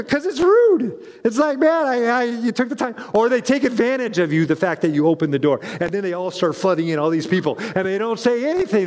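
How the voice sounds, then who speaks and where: A man preaching a conversational sermon as pastor, animated and chatty with frequent asides and restarts. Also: high-pitched, fairly quick, few pauses, big-room sound.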